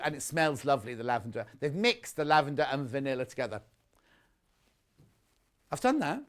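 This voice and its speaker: A man's voice: a little high, very animated, fairly quick, pauses often, a bit bright. A middle-aged British man presenting live on a shopping channel, chatting and gossiping between products and viewer messages. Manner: chatty, gossipy, rambling asides. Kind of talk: live selling chat, reading viewer messages.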